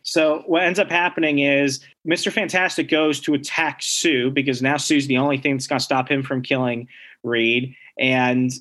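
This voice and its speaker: A man's voice: mid-range voice, flat delivery, normal speed, a bit bright. A man casually recapping a comic book story, acting out the characters' lines as he goes. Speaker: comic book podcast co-host.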